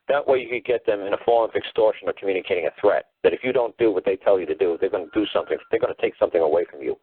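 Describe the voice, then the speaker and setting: A man's voice: sits low, very fast, few pauses, husky, no room sound. A man calling in to a talk show, blunt and emphatic, repeating his points over a phone line. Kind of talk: call-in talk show rant. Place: on a phone call.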